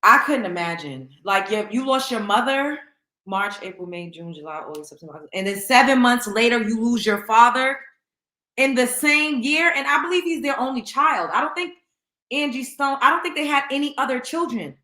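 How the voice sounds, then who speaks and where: A woman hosts a casual livestream and chats freely, greeting her viewers by name. Her voice is bright and forceful, and it rings in an echoey room. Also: high voice, animated, moderate pace. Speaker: host.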